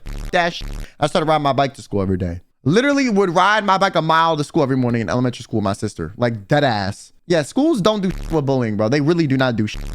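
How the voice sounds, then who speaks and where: Young man, storytime rant, lively pitch, slightly high voice, cursing, casual slang. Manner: profane, animated, casual slang. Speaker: vtuber and livestreamer.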